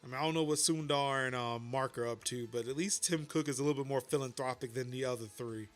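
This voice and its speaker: A man's voice: medium pitch, fast talker, soft background music. A man hosting a casual tech podcast, reading headlines and chatting with loose, profane remarks. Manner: casual, swears, reads headlines. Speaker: podcast host.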